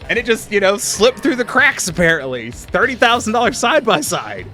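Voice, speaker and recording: A man's voice: high-pitched, very animated, a little fast, sharp tone, soft background music. A man streaming a game, telling rambling, profane work stories in casual chat. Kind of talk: casual chat while gaming.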